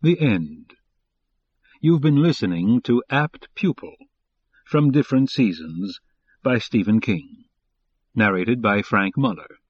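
A man reading the closing credits and a catalog promotion in an even, promotional manner. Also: fairly low pitch, a little slow, husky, dry recording, highs cut off. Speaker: announcer. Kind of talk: scripted announcement.

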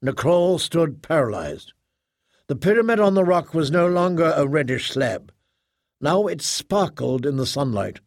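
A man narrating an audiobook in a measured, even storytelling manner. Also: a little high, no room sound, studio quality.

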